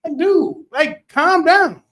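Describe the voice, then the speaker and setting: A middle-aged man with a high voice tells a story on a podcast. He talks casually and with animation, repeating phrases and getting loud as he relives the moment. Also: takes it slowly. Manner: animated, repetitive, gets loud retelling. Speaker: podcast co-host.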